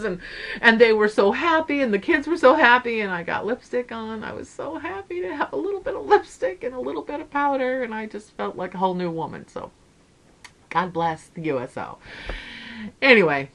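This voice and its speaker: A woman's voice: on the high side, lively intonation, brisk, gravelly, fairly bright tone. A middle-aged woman hosting her stitching channel, chatting to viewers in a rambling, storytelling way. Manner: chatty storyteller, wanders off on tangents. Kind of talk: casual chat to viewers.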